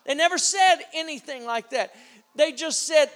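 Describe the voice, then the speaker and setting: A middle-aged preacher with a high, gravelly voice delivers his sermon as an animated storyteller. He acts out the back-and-forth of his story. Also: unhurried. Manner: animated storyteller, acting out dialogue.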